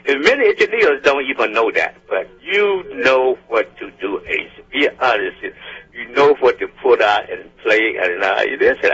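A man hosting a gospel radio show who talks in a lively, pleading way and keeps saying "y'all". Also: medium pitch, slightly rough. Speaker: radio host. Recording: dull lo-fi radio sound with faint music.

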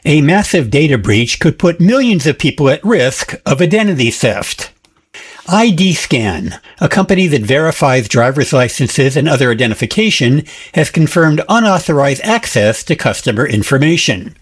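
Guy reading a radio tech report, slightly husky, lively up and down pitch. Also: normal speed. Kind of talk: scripted news report.

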